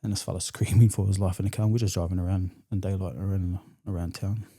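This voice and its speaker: A man's voice: low voice, level tone, fast, warm tone, slightly rough. A man from New Zealand with a New Zealand accent, a podcast guest telling his story in a blunt, profane, slangy way. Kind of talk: candid storytelling in conversation.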